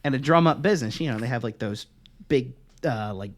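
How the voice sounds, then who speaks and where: A man's voice: medium pitch, fairly quick. Profane storytelling man. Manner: profane, animated, laughs while telling stories. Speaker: podcast co-host. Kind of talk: casual chat, storytelling.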